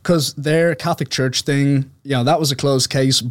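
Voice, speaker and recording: A man's voice: medium pitch, steady tone, normal speed, dry recording, studio quality. A man, an author guest on a podcast, telling his story in loose casual chat, filling his sentences with "like". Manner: rambling, heavy use of "like", laughs easily.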